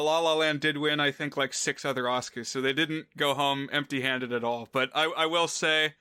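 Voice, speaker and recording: A man chats casually as co-host of a film podcast, his voice bright and smooth. The sound is dry and close. He tends to ramble, circling back with fillers and small self-corrections. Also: fairly high pitch, no echo. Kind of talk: casual chat.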